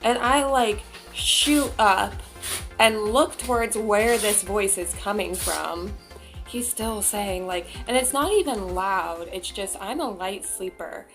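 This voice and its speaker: Young woman, casual storytime vlog, chatty, lots of filler words, medium pitch, faint music. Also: slow, fairly bright tone. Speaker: vlogger.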